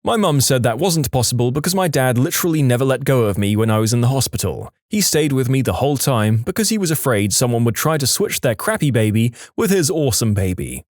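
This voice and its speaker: A man reads out short funny stories as a scripted narration, with an animated, swinging delivery. The recording is dry and close, with no room sound. He drops briefly into comic voices for quoted lines. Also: mid-range voice, fast talker, few pauses, no echo.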